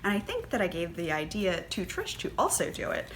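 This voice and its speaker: A woman hosting a knitting podcast, chatting casually and gushing excitedly, with plenty of fillers and little gasps. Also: lowish voice, moderate pace, hardly any pauses, slight background noise. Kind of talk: casual chat.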